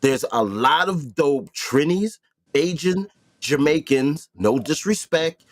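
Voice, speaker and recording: Lively, emphatic male podcast host. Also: fairly high pitch, takes it slowly. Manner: emphatic, with repetition, profane. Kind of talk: casual podcast chat.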